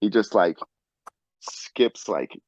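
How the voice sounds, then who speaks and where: Laid-back low-voiced man. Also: animated, takes it slowly, darkish tone, no echo, dull audio. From Rhode Island. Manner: laid-back, laughs easily. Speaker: guest. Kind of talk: casual chat.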